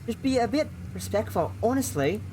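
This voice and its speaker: A woman's voice: fairly high pitch, very animated, moderate pace, noisy background. A woman voicing a strict, nagging middle-aged mother who scolds her teenage daughter. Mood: scolding. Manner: exasperated, scolding.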